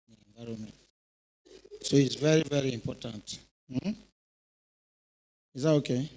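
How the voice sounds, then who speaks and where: A middle-aged Nigerian man, a retired police officer, tells animated stories in an informal speech to a youth event in a church hall, often checking that listeners are following. His voice is medium-pitched with a breathy edge, and the audio is poor.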